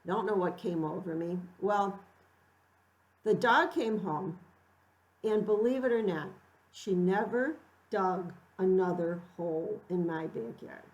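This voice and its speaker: A middle-aged woman telling a personal story in an unhurried, reflective way, acting out quoted lines with animated lift. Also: mid-range voice, rough recording.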